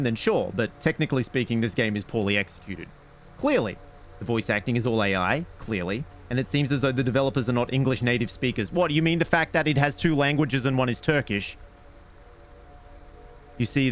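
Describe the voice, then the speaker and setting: A man's voice: mid-range voice, a little hiss or hum. Sarcastic male game streamer. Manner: sarcastic, jokey, muttering. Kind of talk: casual gameplay commentary.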